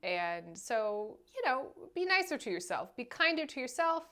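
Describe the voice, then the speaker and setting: A woman co-hosting a casual podcast recap, talking in a lively, playful way and laughing often. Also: fairly high pitch, normal speed. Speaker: podcast co-host. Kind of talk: casual chat.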